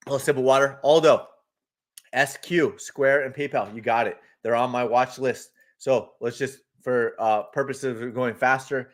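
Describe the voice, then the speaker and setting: Chatty man hosting a live trading stream. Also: mid-range voice. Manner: chatty, greets viewers by name, reads the chat; laughs easily, loose and talkative. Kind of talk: casual live-stream chart commentary.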